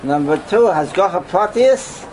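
Animated older man, Torah class lecture, somewhat high for a man, swooping pitch, rhetorical questions, sudden loud outbursts. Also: measured pace, a little hiss or hum, poor audio. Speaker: rabbi teaching a class.

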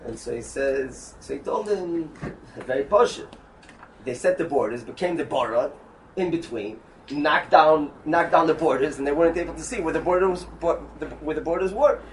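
High-pitched rabbi w telling a torah story, halting restarts, mic far off. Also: male voice, expressive. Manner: storytelling, mixing Yiddish and Hebrew terms, with halting restarts. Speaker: rabbi teaching a Torah class. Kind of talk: Torah lesson. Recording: distant mic with faint background noise.

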